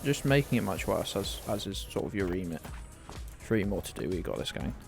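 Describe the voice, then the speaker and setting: A man's voice: deep voice, very animated, brisk, gravelly, faint music behind. A British man chatting casually on a live game stream, rambling, laughing often and talking to his dog. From United Kingdom.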